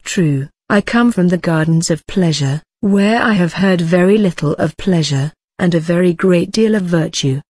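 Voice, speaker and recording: A woman voicing a gentle, persuasive young Corinthian man in a storybook reading, speaking calmly and kindly. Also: on the low side, normal speed, few pauses, no room sound, natural voice. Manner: calm, kindly pleading.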